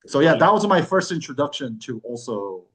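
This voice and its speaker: A man tells a story in a loose, casual way, and his pitch leaps around as he acts out what other people said. His voice sits in a middle register. He swears now and then and keeps the telling relaxed and chatty. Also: fairly quick, rough recording. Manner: animated, swears, acts out quoted voices with big pitch jumps. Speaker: wine club host.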